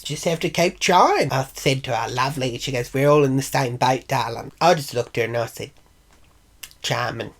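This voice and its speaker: A middle-aged Australian woman telling a brash, swearing anecdote in casual vlog style, switching to high voices when quoting others. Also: normal speed. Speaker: vlogger. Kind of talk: casual storytelling.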